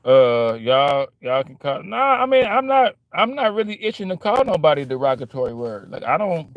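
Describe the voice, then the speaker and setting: Ranting man in his forties, fairly high voice. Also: big pitch swings, a little fast, hardly any pauses, background noise. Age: 40s. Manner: ranting, profane, repeats "man" and "bro". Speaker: vlogger. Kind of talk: casual monologue.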